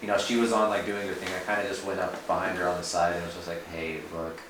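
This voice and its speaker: A man's voice: sits low, steady tone, racing. A man in his twenties telling a story in casual podcast chat, rambling with lots of fillers and swearing. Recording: echoey room, far from mic, faint noise.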